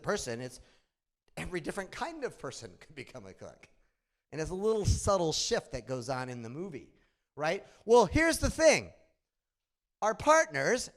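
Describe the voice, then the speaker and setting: A middle-aged man with a nasal Midwestern accent gives an animated conference talk, telling stories and asking the audience questions. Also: sits high. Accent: Midwestern American. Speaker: conference presenter. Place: conference room.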